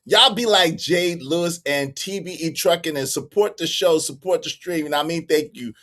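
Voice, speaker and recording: A man's voice: a little high, normal speed, pushed and bright, a little hiss or hum. A man hosting a live stream, reading out donations and teasing his chat, laughing often and repeating phrases.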